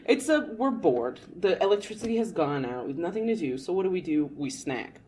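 A young adult woman co-hosting a casual chat show, telling stories in an animated, laughing, dramatic way. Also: fairly low pitch, a little fast, slight background noise. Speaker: co-host.

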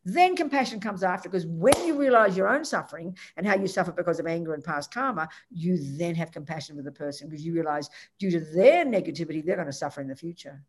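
A woman's voice: lowish voice, animated, fast talker, few pauses, breathy edge. A woman teaching Buddhist ideas, answering a student directly and emphatically, acting out quoted lines.

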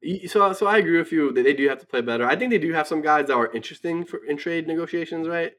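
His voice fairly high and bright, a sports podcast co-host speaks fast in loose conversation. He rants with plenty of swearing and keeps adding "right?" asides.

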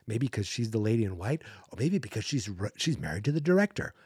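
A man's voice: on the low side, sing-song, fast, darkish tone, slightly rough, no echo, clean studio sound. Sarcastic, rambling male podcast host. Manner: sarcastic, rambling, acts out character quotes. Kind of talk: casual movie recap.

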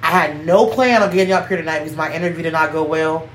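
A woman in her thirties hosting a podcast, giving an emphatic, heartfelt unscripted talk that calls out to her listeners and at times nears tears. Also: sits low. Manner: emphatic, preachy, calling out to listeners; speaks slowly, near tears at times. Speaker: podcast host. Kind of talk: heartfelt spontaneous monologue. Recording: echoey room, faint background noise.

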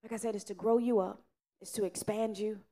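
A woman preaching a sermon in an earnest, repetitive way, rising loud and then dropping soft. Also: medium pitch, fairly even intonation, a little fast.

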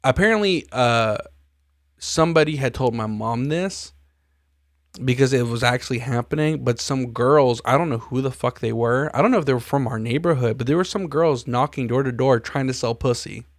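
A man's voice: medium pitch, moderate pace, no room sound, clean studio sound. A man hosting a podcast, telling stories in casual chat and acting out the voices of the people in them. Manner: profane storytelling, acts out quoted dialogue. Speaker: podcast host.

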